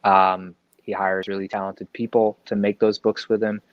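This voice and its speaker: A man's voice: lowish voice, little pitch movement, normal speed, dry recording. A man appearing as a guest in a casual interview, rambling conversationally with lots of fillers and asides. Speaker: guest comic book creator. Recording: dull, dry lo-fi sound.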